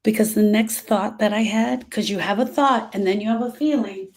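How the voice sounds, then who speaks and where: A middle-aged woman speaking as a grief specialist, talking earnestly to her followers and slowing down on emotional points. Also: medium pitch, darkish tone. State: emotional, short of breath at moments. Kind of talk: personal talk to followers.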